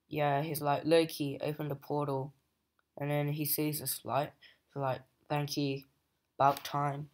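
A young adult comic book reviewer giving a casual, hesitant plot recap full of fillers. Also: medium pitch. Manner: hesitant, many fillers and "just like".

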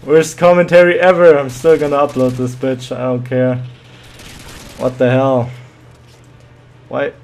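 A man's voice: mid-range voice, level tone, unhurried, pauses often, a little mellow. A man commentating his own shooter match live, muttering and swearing with sudden yelps.

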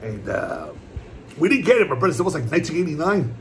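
A man in a casual home eating vlog, rambling along in a relaxed, repetitive way as he talks to his viewers. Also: fairly high pitch, fast talker, a little hiss or hum. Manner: laid-back, rambling, repeats "my brothers" and "puppy". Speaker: mukbang vlogger. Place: at home, indoors.

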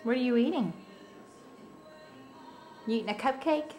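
Woman, high lively voice, very slow playful talk to a toddler, handheld camera at home. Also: soft background music. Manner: sing-song, coaxing, slow. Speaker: parent filming a toddler.

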